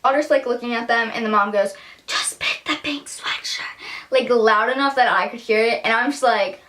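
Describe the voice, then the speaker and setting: Teen girl rambling thru a storytime vlog, says like a lot, voice kinda high. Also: fairly quick, fairly bright tone. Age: teens. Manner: chatty, lots of "like", acts out quotes. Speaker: vlogger. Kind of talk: casual storytime.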